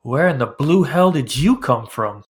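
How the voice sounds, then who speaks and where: A man's voice: mid-range voice, expressive, a little slow, lightly acted. A man putting on a weathered fisherman hollering. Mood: surprised. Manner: hollering calls across the water. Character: weathered middle-aged male fisherman hailing strangers.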